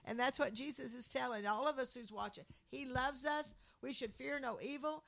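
A woman with a fairly high voice and a gravelly, crackly edge tells her story in an earnest, heartfelt way. She moves easily between recounting memories and reading scripture aloud, speaking like a speaker on a Christian program. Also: a little fast. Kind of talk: personal testimony and scripture reading.

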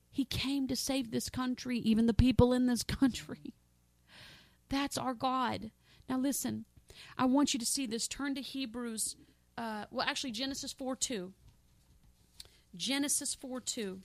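Fervent woman preacher, high dry voice. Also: a little slow, gravelly, no echo. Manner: fervent, repetitive, addresses listeners as saints; swings from loud exclamations to soft pleading prayer. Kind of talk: sermon.

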